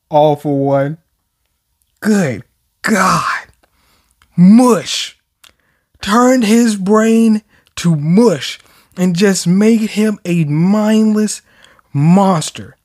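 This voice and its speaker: A man's voice: a little high, takes it slowly, pauses often. A young man casually reacting to a manga chapter, slangy, profane and joking as he reads it out. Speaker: manga reviewer.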